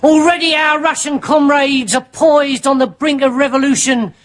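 A man's voice: very high-pitched, steady tone, fairly bright tone. A man playing a dim, earnest army private in a studio sitcom, muddled and always saying sir. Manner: slow, muddled earnestness, says sir a lot. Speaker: soldier.

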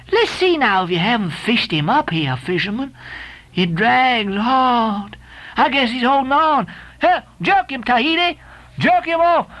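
Brief: woman as a lost, frightened cabin boy, sing-song and rambling, high and slow. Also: a bit bright, exaggerated voice. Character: young crazed ship's boy, frightened and lost.

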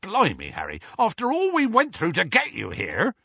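A big, gruff half-giant with a growling, rough-spoken delivery, dropping low and then jumping up, as a male narrator plays him. It sounds husky on a dry, slightly dull audiobook recording. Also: huge pitch swings, moderate pace, a bit bright, no room sound, heavily acted.

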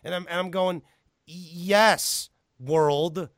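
Male podcast host, casual rant, profane and animated, slightly high voice, dry close sound. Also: very slow, no echo. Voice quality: animated, ranting, profane, jumps to high pitch for emphasis. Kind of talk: casual chat.

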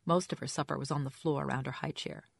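Low-voiced woman narrating a story. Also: fairly even intonation, fast talker, creaky, breathy edge, dry recording. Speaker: audiobook narrator. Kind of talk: first-person story narration.

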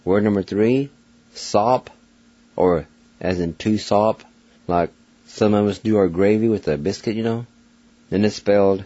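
An older man giving a slow, patient radio pronunciation lesson, spelling each word letter by letter and repeating it. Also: on the low side, dark tone, no room sound. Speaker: radio language teacher. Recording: dull lo-fi radio sound.

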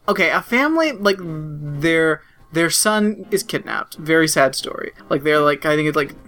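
A podcast co-host in casual chat, animated, swearing freely and laughing mid-sentence. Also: mid-range voice, moderate pace.

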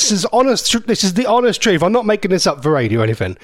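A chatty man in his forties hosts a radio show, rambling from story to story. His slightly high voice swoops up and down with a lot of life. The studio sound is dry and close, with no room in it. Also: very animated, rapid-fire, hardly any pauses, dry recording. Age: 40s. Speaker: radio host. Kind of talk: casual radio chat.

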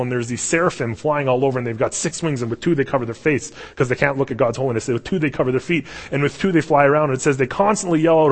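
Man, young pastor, husky voice, casual animated sermon, long hall reverb. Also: mid-range voice, brisk. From Canada.

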